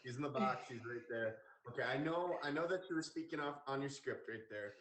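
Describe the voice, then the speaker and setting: A man's voice: medium pitch, brisk, a bit bright. Upbeat man hosting a live stream. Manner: upbeat, hype-man praise. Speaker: live-stream show host. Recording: echoey room with faint noise.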